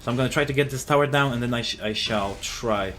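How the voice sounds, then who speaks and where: A man giving live commentary over his own gameplay, explaining his moves, getting excited and swearing at enemies, with frequent fillers and restarts. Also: mid-range voice, fast, slight background noise.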